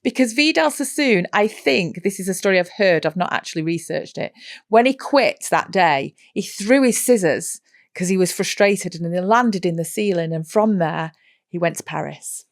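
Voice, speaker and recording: A woman's voice: on the low side, animated, moderate pace, dry recording. Giggly woman reading listener emails, dry sound. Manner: giggly, rambling storyteller. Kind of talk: casual chat.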